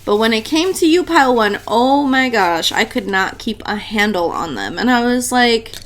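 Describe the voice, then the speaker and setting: A woman's voice: on the high side, sing-song, normal speed, few pauses, a bit bright, a little hiss or hum. A woman giving a casual tarot reading to her viewers, chatty and blunt, swearing freely and laughing often. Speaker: tarot reader.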